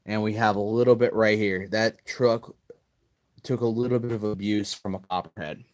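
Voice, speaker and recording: A man hosting a hobby show, chatting casually with his viewers from his home workshop and getting excited as he answers them. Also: on the low side, normal speed, low-quality recording. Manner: folksy and excitable, calls viewers brother. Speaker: host of a scale RC hobby show. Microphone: phone camera.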